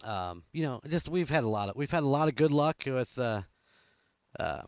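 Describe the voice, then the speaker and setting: A man's voice: mid-range voice, animated, moderate pace, no room sound. A man hosting a casual radio show from a studio, rambling with lots of fillers and chuckles. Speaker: radio host.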